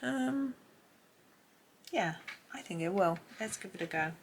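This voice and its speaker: A woman's voice: mid-range voice, lively intonation, a little slow, slight background noise. A middle-aged woman with a Gloucestershire accent, talking and rambling as she leads a colouring tutorial. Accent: Gloucestershire English. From England. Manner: rambling and self-amused, thinking aloud while colouring. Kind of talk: chatty narrated drawing tutorial. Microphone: camera mic on a tripod.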